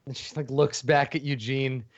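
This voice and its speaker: A man's voice: medium pitch, level tone, moderate pace, dry recording, dull audio. A man narrating as game master of a tabletop game, casual and profane, with frequent restarts.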